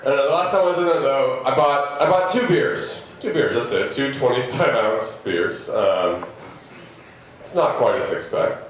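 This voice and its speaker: Rambling man doing stand-up in an echoey club. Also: medium pitch. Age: 30s. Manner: rambling, self-deprecating, halting restarts. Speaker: stand-up comedian. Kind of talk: stand-up set. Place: comedy club stage. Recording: echoey live venue, mic heard from a distance.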